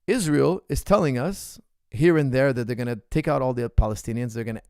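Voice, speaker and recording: A man's voice: mid-range voice, fairly quick, dark tone, clear, resonant tone, no echo, studio quality. A man, a martial arts coach, answering viewer questions in an impassioned, indignant monologue, repeating phrases for emphasis.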